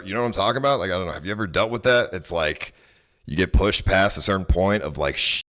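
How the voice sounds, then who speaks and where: Very low-voiced exasperated male streamer. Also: a bit bright. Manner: exasperated, rambling, full of fillers and restarts. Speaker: livestreamer. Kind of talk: casual storytelling to chat.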